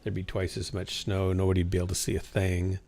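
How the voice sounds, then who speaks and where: Over faint music, a man with a low, flat, darkish voice talks briskly on his gaming livestream. Weary and yawning at times, he rambles casually to a small chat and to himself.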